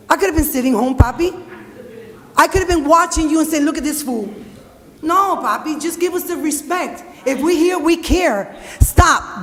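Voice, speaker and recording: A woman speaking during public comment at a city council meeting, blunt, emotional and profane. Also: sits high. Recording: long reverb of a council hall.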